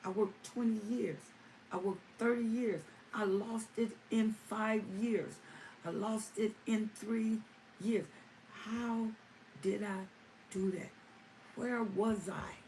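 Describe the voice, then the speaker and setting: Answering viewer comments on her live stream, a woman speaks slowly in a steady, dark, mid-range voice. She stresses points by repeating phrases, and the recording comes from a distant mic with faint ambient noise.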